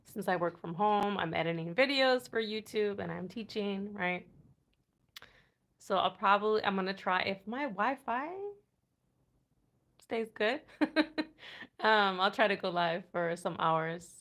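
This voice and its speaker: A woman's voice: medium pitch, measured pace, pauses often, fairly bright tone. An American woman hosting a casual night-time livestream from home, chatting with viewers, trying out foreign words and laughing often. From United States. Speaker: livestream host.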